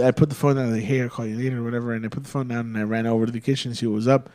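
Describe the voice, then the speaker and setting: A young man, a podcast co-host, spins a rambling and profane story in a laid-back, casual voice. His pitch sits in a normal middle range. He comes across as easygoing and unhurried. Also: fairly even intonation, a little mellow. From Texas.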